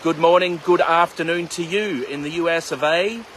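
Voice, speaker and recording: Beside a flowing river, a man guides a mindfulness meditation on a casual livestream, chatting with viewers by name and joking between instructions. His voice is on the high side and a bit bright, at normal speed, with a little hiss or hum.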